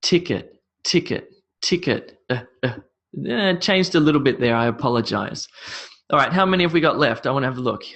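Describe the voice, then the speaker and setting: A man's voice: medium pitch, animated, a little fast, a bit bright. A man with an Australian accent teaching English pronunciation, repeating each word three times. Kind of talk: pronunciation drill lesson.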